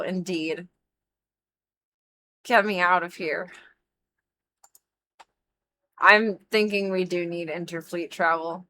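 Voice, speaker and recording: A woman's voice: on the low side, slow, pauses often, sharp tone, poor audio. A woman livestreaming a video game, chatting casually with dramatic, mock-emotional complaints and a lot of swearing. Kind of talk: casual gaming commentary.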